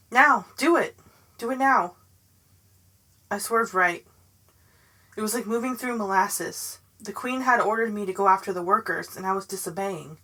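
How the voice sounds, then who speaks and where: A woman reading a novel aloud in the first person, in a measured, dramatic way. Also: mid-range voice, pushed and bright, rough recording. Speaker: audiobook narrator.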